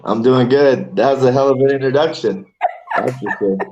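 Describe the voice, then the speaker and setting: A man's voice: mid-range voice, moderate pace, muffled recording, noisy background. A man in his forties, a fighter guest in a casual interview, talking in a loose, rambling way and swearing casually. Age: 40s. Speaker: amateur MMA fighter, guest.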